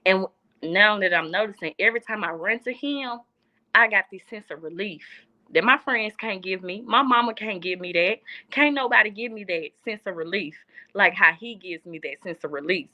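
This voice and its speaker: Earnest young Southern woman, bright voice. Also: mid-range voice, moderate pace. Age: young adult. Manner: earnest, heartfelt, repeats phrases for emphasis. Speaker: guest. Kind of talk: casual chat.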